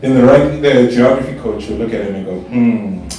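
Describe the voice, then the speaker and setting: A young man from South Africa performing a stand-up comedy routine, telling stories in an animated way and jumping to high squeals when he quotes himself. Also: quick pace. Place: stage in a club or hall. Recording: echoey live stage sound from a distance.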